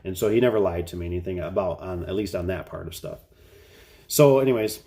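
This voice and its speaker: Low, mellow-voiced man telling a rambling story. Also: brisk. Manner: chatty, exasperated, rambling with restarts. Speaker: garage door business owner. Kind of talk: casual storytelling to camera.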